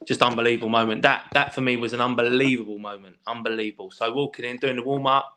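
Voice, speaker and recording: A man's voice: medium pitch, fast. A man telling stories in a casual podcast chat, swearing freely and restarting his sentences often. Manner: animated storyteller, swears freely, many restarts. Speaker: guest, former footballer.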